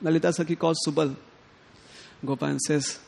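A man giving a sermon, telling a devotional story in an animated way and acting out the characters' lines. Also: a little high, moderate pace, creaky. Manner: animated, quotes characters in lively tones, chuckles often. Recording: long hall reverb.

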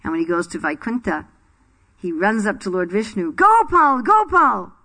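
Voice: medium pitch, brisk, slightly rough. Chatty teacher telling scripture stories. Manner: chatty, laughing, quizzes the audience. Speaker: spiritual teacher. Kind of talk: scripture class storytelling.

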